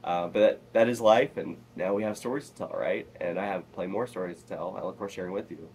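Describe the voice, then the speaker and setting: A man vlogging in a casual, rambling monologue that is animated and full of swearing. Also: low-pitched, fast, slight background noise.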